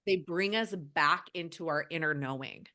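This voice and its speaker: Woman animal healer on a podcast, kinda low voice, earnest, keeps restarting her sentences. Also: moderate pace, bright, forceful tone. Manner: earnest and heartfelt, with many restarts. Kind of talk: casual podcast conversation.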